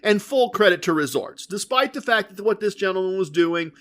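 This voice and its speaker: Man, podcast host, animated emphatic storytelling, bright tense voice. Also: sits high, fairly quick. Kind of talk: casual storytelling.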